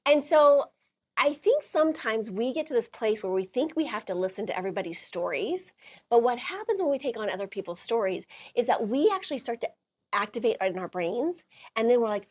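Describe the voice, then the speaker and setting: A woman's voice: fairly high pitch, expressive, fairly quick, darkish tone, a little hiss or hum. A middle-aged woman hosting a talk, telling a personal story to a small audience, laughing often and acting out quotes. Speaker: host.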